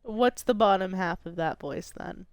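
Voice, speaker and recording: A woman's voice: medium pitch, a little slow, clear, resonant tone, no room sound, faint music behind. A woman streamer chatting casually and eagerly explaining a game's rules to her co-player. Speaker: streamer running the game. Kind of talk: casual gaming chat.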